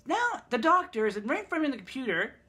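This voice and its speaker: A man's voice: very high-pitched, very animated, fast, bright, forceful tone, husky. A man telling a story in a casual vlog, rambling, swearing and sarcastic, in pain from a broken thumb. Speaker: vlogger.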